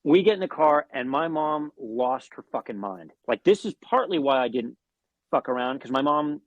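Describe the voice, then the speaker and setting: Expressive and at a moderate pace, a mid-range-voiced guest musician rambles through a long story during a relaxed interview. He curses and keeps restarting, using fillers often. Audio is dull with a dry recording.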